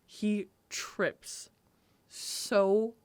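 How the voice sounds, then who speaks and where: A woman's voice: medium pitch, flat delivery, drawn-out words, smooth, dry recording. A young woman co-hosting a podcast, telling funny stories in casual chat, giggling often and swearing freely. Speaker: podcast co-host.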